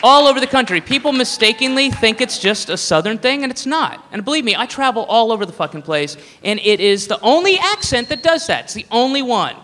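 A man doing a profane, rambling stand-up routine, with a fairly high, bright voice. His voice rings with long reverb from the club, with a faint hum of the room behind him. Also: very animated, fairly quick, few pauses. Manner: profane, rambling, laughing through bits. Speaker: stand-up comedian.

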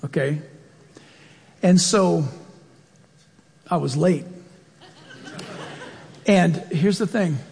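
A man preaching a sermon as pastor, telling stories in an animated way with sudden jumps in pitch. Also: very slow, creaky, long pauses. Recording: long church-hall reverb.

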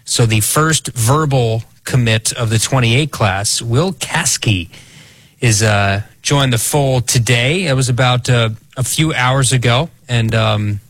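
A man's voice: mid-range voice, slow pace, fairly bright tone, no room sound. A man co-hosting a sports radio show in a studio, with a dry, self-deprecating wit and a loose, hesitant delivery. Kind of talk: casual studio banter. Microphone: studio microphone.

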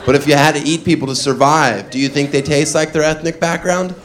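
Deadpan male stand-up comic. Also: fairly high pitch, a little fast. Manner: deadpan, mock-earnest, playful asides. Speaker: stand-up comedian. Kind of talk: stand-up comedy set. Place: comedy club stage with audience. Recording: live club, audience laughter and noise.

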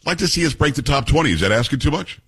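A man's voice: mid-range voice, expressive, very fast, a bit bright, slightly rough. A middle-aged man hosting a radio talk show, chatting casually and joking with his co-host. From Texas. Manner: chatty, joking, name-dropping asides. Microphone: studio microphone.

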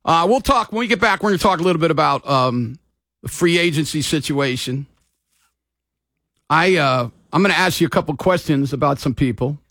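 A man's voice: fairly high pitch, lively intonation, fairly quick, a bit bright, dry recording. A man hosting sports talk radio in a loose, rambling, casual way from a studio mic.

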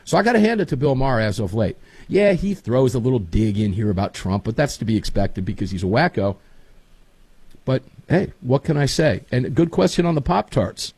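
A man's voice: mid-range voice, brisk, breathy edge, dry recording. A man hosting a casual talk show, telling folksy stories with lots of energy. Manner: folksy, animated storytelling. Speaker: show host.

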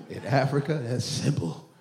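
A man's voice: mid-range voice, lively intonation, unhurried. A man from Nigeria doing profane stand-up comedy on a club stage, laughing through his punchlines. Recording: roomy club with loud crowd.

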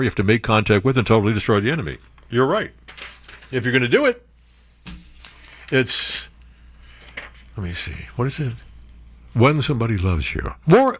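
A man hosting a talk radio show, telling stories in a casual, animated way with frequent laughs, on a studio microphone. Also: medium pitch, slightly rough. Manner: animated storyteller, laughs often, restarts.

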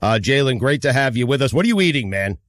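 A man's voice: mid-range voice, very animated, fast, fairly bright tone, no room sound. A man hosting a sports talk radio show, jovial and laughing often with his guest.

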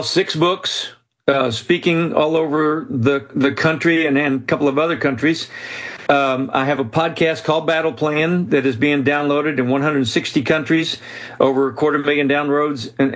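A man's voice: on the high side, normal speed, fairly bright tone. A man telling a story as a guest in an interview, speaking earnestly and with animation, often restarting his sentences. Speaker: author and guest.

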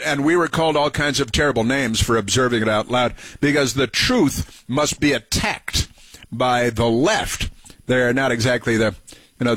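A man's voice: medium pitch, fairly bright tone, breathy edge, no echo. Sarcastic male radio talk host. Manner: sarcastic, mocking, repeats phrases for emphasis. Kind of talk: political commentary over played clips.

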